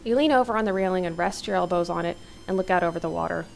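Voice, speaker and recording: Host: woman narrating an interactive novel, steady, lower pitch, faint noise. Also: very fast, creaky, hardly any pauses. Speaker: let's play host. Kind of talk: reading an interactive novel aloud.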